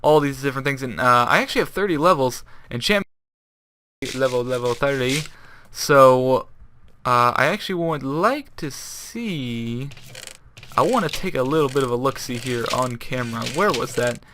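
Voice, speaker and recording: A man's voice: mid-range voice, expressive, normal speed, sharp tone, a little hiss or hum. A young man giving casual commentary while playing a video game, rambling and correcting himself in an upbeat way. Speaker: Minecraft YouTuber.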